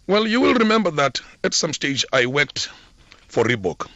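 A middle-aged South African man recounts his career as an interview guest, his voice rising and falling with a lively, expressive swing. The sound is dry and close but slightly dull and muffled. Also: on the high side, moderate pace, no room sound. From Eastern Cape, South Africa. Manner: animated, expressive storyteller. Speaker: guest, former football club PR officer. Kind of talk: radio interview storytelling.

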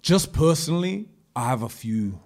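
A man in loose podcast conversation, talking in slang with lots of fillers. He jumps between excited bursts and mumbled asides, and often restarts mid-thought. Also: mid-range voice, moderate pace. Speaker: podcast host. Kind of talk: casual chat.

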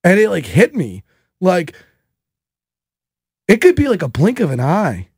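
A man in his thirties hosting a podcast, telling a casual story in an animated way, with many fillers. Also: high voice, measured pace, slightly rough, no echo, studio quality. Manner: animated, filler-heavy with frequent "like". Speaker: podcast host.

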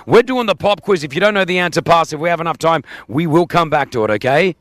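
A man's voice: a little high, lively intonation, fairly bright tone, dry recording. A man hosting a radio breakfast show, chatty and punning as he runs a quiz with a caller. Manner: chatty, jokey, quick with puns. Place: radio broadcast set up in a museum.

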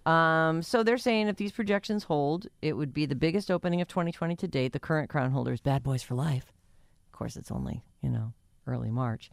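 A woman's voice: deep voice, a little fast, vocal fry, dry recording. A woman hosting a morning radio show, chatty and self-mocking as she reads out the news. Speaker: radio host. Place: radio studio.

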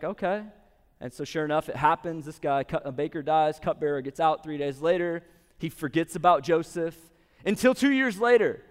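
A man's voice: high-pitched, in a large hall. A man giving a casual, conversational sermon, retelling a story and acting out the quotes. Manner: conversational, lots of "like", acts out quotes. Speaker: preacher. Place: venue with a live audience.

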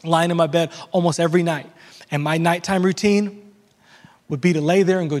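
Man, pastor, high voice, conversational sermon, stumbling restarts, reverberant sanctuary. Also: fairly even intonation, fairly quick, darkish tone. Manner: conversational preaching with repeated restarts and acted asides.

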